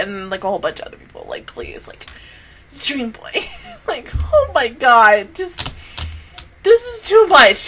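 A woman reviews an anime episode in an overwhelmed, emotional rush, her high voice swinging widely in pitch. She sounds tearful and close to crying, cursing and exclaiming as she talks. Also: sharp tone. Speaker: anime reaction host.

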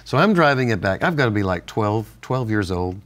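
A man's voice: fairly low pitch, very animated, brisk, a bit bright. An older man co-hosting a Bible-teaching chat, telling stories and laughing often. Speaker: co-host.

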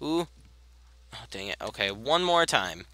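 Rambling young man with a bright voice. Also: fairly low pitch, sing-song, a little slow. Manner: rambling, easily sidetracked, apologetic. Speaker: gaming video host. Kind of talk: casual let's-play commentary.

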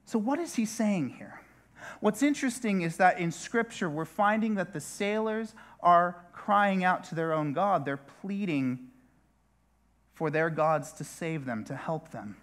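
A man's voice: high-pitched, expressive, measured pace, a bit bright. A male pastor preaching a sermon in a chatty way, turning often to the listeners with asides. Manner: conversational, with repeated asides to the listeners.

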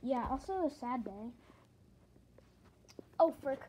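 A woman's voice: high voice, lively intonation, slow, poor audio. A woman rambling casually through a show-and-tell vlog at home, often correcting herself as she talks. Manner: rambling, chatty, self-correcting. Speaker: collector showing plush toys. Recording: loud background noise with clicks.

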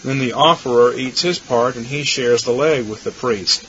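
Male teacher, mid-pitched, matter-of-fact; muffled recording with light background noise. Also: normal speed, a bit bright. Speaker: Bible teacher. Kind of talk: lecture correction. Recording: dull lo-fi recording with faint hiss.

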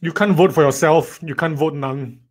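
A man's voice: on the high side, moderate pace, slightly rough. A man teaching a live online writing lesson, reading students' sentences aloud and teasing them playfully. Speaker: writing tutor.

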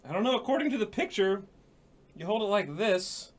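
A man co-hosting a live stream, laughing, playful, sometimes mock-shouting. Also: high-pitched, very animated, brisk. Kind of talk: casual live-stream banter.

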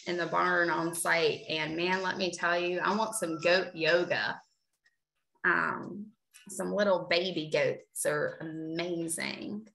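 A chatty woman hosting a teacher workshop over a video call talks slowly in a bright, forceful voice. She gushes and rambles a little between speakers. Her voice rings out in an echoey room. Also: fairly low pitch, creaky, slight background noise. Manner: chatty, gushing, unhurried. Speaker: session moderator. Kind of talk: casual online workshop hosting.

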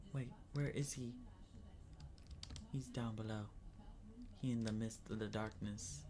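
A man's voice: medium pitch, slow, long pauses, bright, forceful tone, slight background noise. A man giving casual, dramatic gaming commentary, chatting to his viewers as y'all and breaking into screams when scared. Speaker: gaming streamer.

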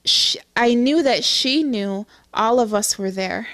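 A middle-aged woman giving an earnest personal testimony, halting, with many restarts and fillers. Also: fairly high pitch, fairly bright tone, dry recording, clean studio sound. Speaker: testimony speaker.

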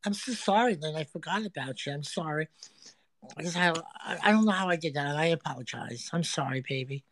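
A woman's voice: sits low, lively intonation, a little fast, fairly bright tone, dry recording. Brash, crude-talking woman livestreaming. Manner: brash, crude, teasing banter. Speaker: livestream host. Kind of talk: casual livestream chat. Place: a friend's home.

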